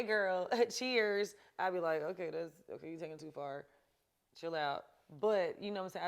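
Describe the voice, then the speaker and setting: A woman's voice: deep voice, darkish tone, clean tone. A woman hosting a talk show, giving chatty, emphatic advice to her viewers and laughing often. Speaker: show host. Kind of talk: casual advice talk to camera.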